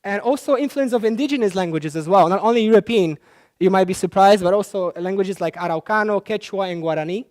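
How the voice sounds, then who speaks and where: Man, conference presenter, explanatory talk, halting delivery, fillers and restarts. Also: sits high, darkish tone. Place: talk at a language festival.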